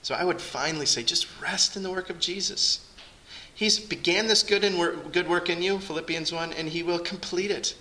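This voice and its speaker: A man's voice: sits high, normal speed, bright, forceful tone, rough recording. A man preaching a sermon to his congregation in an earnest, conversational way. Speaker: pastor.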